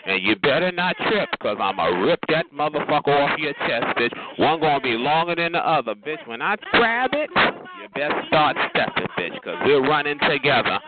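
A man's voice: a little high, sing-song, normal speed, over loud music. Taunting man on a tinny phone line. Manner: sassy, taunting, repeats "bitch" and "honey". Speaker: chat line caller. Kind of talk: aggressive phone trash talk.

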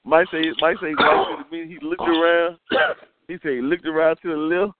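This man co-hosts a casual podcast, speaking a little high and a little fast as he tells stories, acting out quotes and laughing often. The audio is tinny and phone-like, with a faint hiss.

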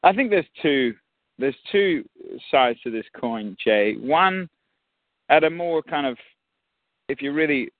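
A man's voice: fairly high pitch, lively intonation, slow, no room sound. Australian male guest, reflective and restarting, on a dry phone-line recording. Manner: thoughtful, many restarts. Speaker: musician and actor, guest. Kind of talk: casual interview.

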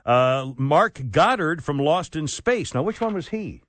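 Male middle-aged talk radio host, brash and rambling with jokes, slightly high voice. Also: lively intonation, measured pace, fairly bright tone, no echo. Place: radio studio.

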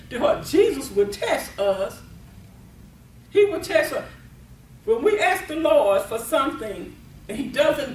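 A woman with a slightly high voice preaches emphatically at a deliverance meeting, laughing often and repeating and restarting her words. The recording comes from an echoey meeting venue, her voice sounding far off with slight background noise.

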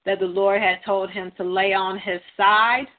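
A woman's voice: mid-range voice, little pitch movement. A hesitant woman with a dry throat speaks in a middling voice on a church call, searching for her words with plenty of fillers and restarts. The audio is thin and tinny, like a phone line. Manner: halting, hesitant, many fillers. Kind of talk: casual prophetic sharing on a group call.

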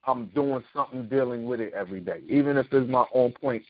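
A man's voice: medium pitch, fairly quick, no echo. A man hosting a casual talk show, explaining his views emphatically and often asking "you know what I mean?". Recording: thin phone-like sound.

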